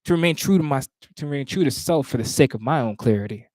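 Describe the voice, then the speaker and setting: A man's voice: lively intonation, fast, no echo. Man rehearsing spoken word poetry. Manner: stops and restarts lines, talks asides to himself; rises louder and higher when reciting.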